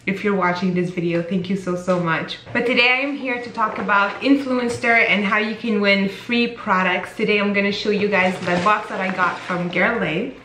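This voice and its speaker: A woman vlogging about makeup straight to the camera in an echoey room at home. She talks in a gushing, excitable way and circles back over the same phrases. Her pitch sits in an ordinary middle range. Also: normal speed, hardly any pauses, slight background noise. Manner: excitable, gushing, repeats herself. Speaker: beauty vlogger. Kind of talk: casual beauty vlog to camera.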